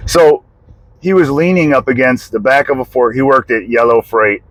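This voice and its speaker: A man's voice: mid-range voice, normal speed, dry recording, low-quality recording. A man from the United States telling a personal story in a casual, rambling way, full of "like", swearing and short laughs. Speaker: vlogger telling a family story.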